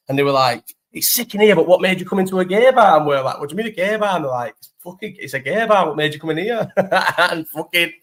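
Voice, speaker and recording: A man's voice: a little high, fairly bright tone. A young man with a Liverpool accent, hosting a live chat and telling rambling, sweary stories with frequent laughs. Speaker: host.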